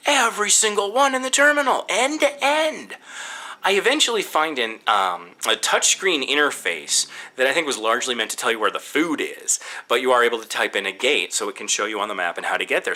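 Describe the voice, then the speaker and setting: A man tells a personal travel story in a casual, exasperated way. His voice is very bright and sharp, and his pitch swings widely as he talks. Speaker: traveler recounting a trip.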